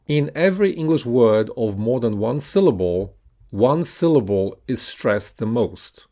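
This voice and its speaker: Slow, gravelly male pronunciation teacher. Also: medium pitch, lively intonation, warm tone. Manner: patient, deliberate, stretches words out to model stress. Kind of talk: slow instructional lesson with repeat-after-me drills.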